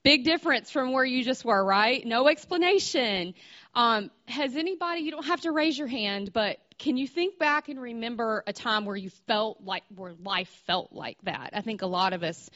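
A woman's voice: fairly high pitch, animated, moderate pace, sharp tone. Woman in her 30s giving a casual sermon, chatty and rambly, talks to the crowd, a bit muffled. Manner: conversational, stops and restarts, asks the audience questions. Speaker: speaker at a church gathering. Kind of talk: informal sermon with storytelling.

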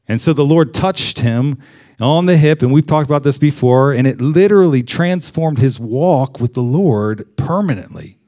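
Young male pastor, relaxed conversational sermon, stumbles and restarts. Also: medium pitch, normal speed. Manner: conversational, with many fillers and restarts.

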